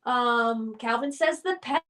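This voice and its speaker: High-voiced woman hosting a slow live stream. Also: fairly bright tone, recorded from a distance, faint music behind. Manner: reads viewer comments aloud, cheerful and encouraging.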